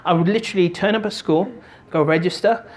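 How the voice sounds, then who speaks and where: A man giving a motivational talk, telling a story in an animated, jokey way and doing voices. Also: high-pitched, fast talker. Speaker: motivational speaker and stand-up comic.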